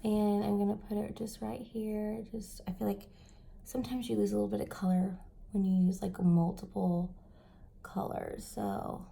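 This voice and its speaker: A woman in her thirties chatting through a casual makeup tutorial, stuffy and breathing heavily, with self-mocking soft asides. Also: medium pitch, level tone, normal speed, vocal fry. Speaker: makeup vlogger.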